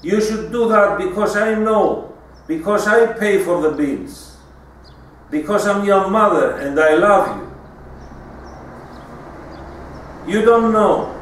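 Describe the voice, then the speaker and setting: A man's voice: high-pitched, lively intonation, a little slow, voice pushed up. A man voicing a manipulative middle-aged mother, whiny and pleading in a theatrical way. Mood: bossy. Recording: echoey room, mic far off.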